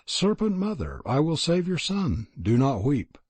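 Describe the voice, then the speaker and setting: A man voicing a gentle selfless fairy prince. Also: fairly high pitch, huge pitch swings, unhurried, slightly rough, no room sound, pitched above the performer's own voice, exaggerated voice. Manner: gentle and earnest.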